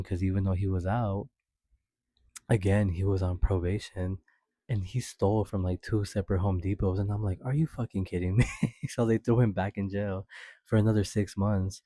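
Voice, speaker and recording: With a warm tone and no room sound, a young man recounts a personal story on his podcast. The telling is casual and chatty, full of profanity and laughter, with quoted lines performed in a high voice.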